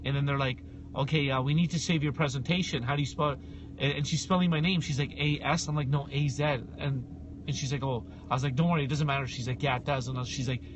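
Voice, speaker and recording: A man co-hosting a casual podcast, telling a story with lots of energy, acting out both sides of the talk and sometimes breaking into shouts. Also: on the high side, a little hiss or hum. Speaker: podcast co-host.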